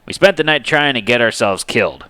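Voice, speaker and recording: A man's voice: mid-range voice, lively intonation, fairly quick, sharp tone, clear, resonant tone, no room sound. A man voicing an angry, sarcastic young male adventurer with an exasperated manner. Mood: irritated. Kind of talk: dramatic reading with character voices.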